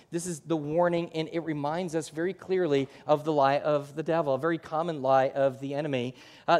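A male pastor preaching a sermon with animated delivery, acting out the voices of the people he quotes. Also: a little high. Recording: long hall reverb.

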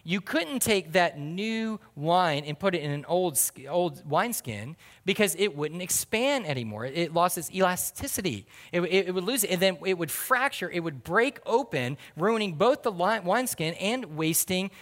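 A man's voice: high-pitched, expressive, moderate pace, few pauses, fairly bright tone, long reverb tail. A man preaching a sermon as pastor, telling folksy stories and calling out to the congregation. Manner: folksy storytelling, calls to the congregation.

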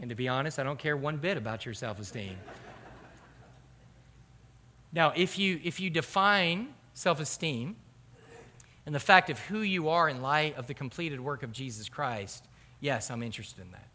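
A man preaching a sermon as pastor, animated and rhetorical. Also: a little high, moderate pace. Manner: animated, rhetorical, acts out quoted voices. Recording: hall reverb.

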